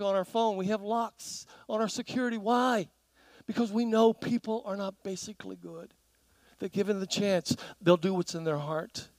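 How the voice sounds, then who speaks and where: A man's voice: high voice, no echo, low-quality recording. A man preaching a sermon in a church, telling stories and asking the congregation questions. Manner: animated storytelling with audience questions.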